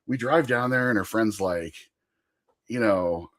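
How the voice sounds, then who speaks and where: Lively man rambling through a funny story. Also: mid-range voice, moderate pace. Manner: animated, laughing, rambling anecdote. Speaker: podcast guest. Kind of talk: casual storytelling.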